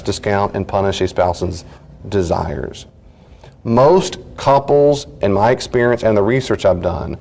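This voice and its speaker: A man's voice: lowish voice, vocal fry, dark tone. A middle-aged man, a counselor teaching a study group, talking earnestly and acting out everyday conversations.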